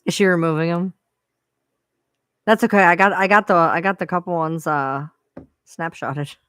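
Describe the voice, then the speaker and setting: A woman's voice: lowish voice, fairly even intonation, moderate pace, a bit bright, clear, resonant tone, dry recording, clean studio sound. A woman hosting her own live stream, venting to viewers in a frustrated, profane rant. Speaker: livestream host.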